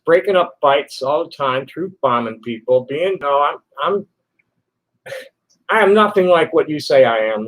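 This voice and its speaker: A man in his sixties ranting to camera, combative and constantly swearing, now and then flaring into shouts. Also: a little high. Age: 60s. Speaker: vlogger answering online critics. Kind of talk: angry profane rant to camera.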